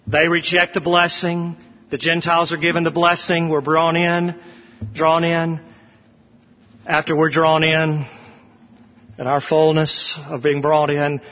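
A man preaching a sermon as pastor, emphatic and slowing down to stress words. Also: fairly high pitch, long reverb tail, lo-fi sound.

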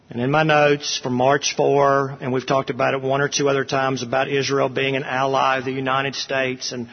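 A man preaching a sermon as pastor, emphatic and slowing down to stress words. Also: medium pitch, big-room sound, lo-fi sound.

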